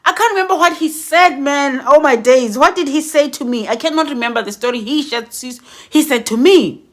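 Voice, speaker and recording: A middle-aged woman telling a story in an animated storytime vlog, dramatic and expressive, acting out explosion sounds as she goes. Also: high-pitched, brisk.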